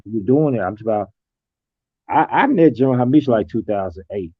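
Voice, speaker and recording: A man talking casually and reflectively, telling stories in a relaxed colloquial way. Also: lowish voice, a little fast, breathy edge, no echo. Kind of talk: casual conversation. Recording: tinny phone-like line.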